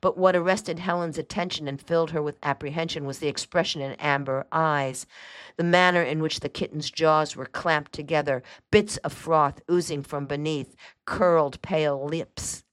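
Low-voiced woman reading a story. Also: fairly even intonation, normal speed, no echo, studio quality. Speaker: host and reader. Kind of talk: reading a novel aloud.

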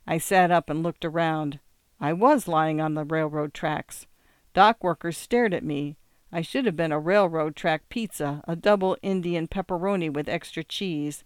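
A man's voice: on the high side, moderate pace, clean tone, no room sound, clean studio sound. A man reading a first-person story aloud in a wry, plain-spoken way. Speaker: audiobook reader.

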